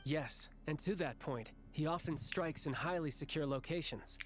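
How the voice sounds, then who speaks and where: A man's voice: on the high side, normal speed, close to an everyday voice. A man voicing a cheerful, confident young male villain in a game, breezy and chuckling as he gives orders. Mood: playful. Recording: game voice over faint music.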